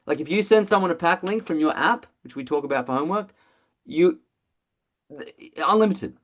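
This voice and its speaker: Blunt, excitable trainer voice, mid pitch, muffled video-call audio, casual swearing. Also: moderate pace. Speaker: presenter of an online training call. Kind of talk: energetic sales training webinar.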